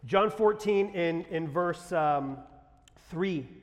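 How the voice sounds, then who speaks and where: High-voiced preacher in a reverberant hall. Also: male voice, takes it slowly. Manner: exclamatory, conversational preaching with sudden shouts. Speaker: pastor. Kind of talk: sermon. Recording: long reverb of a large hall.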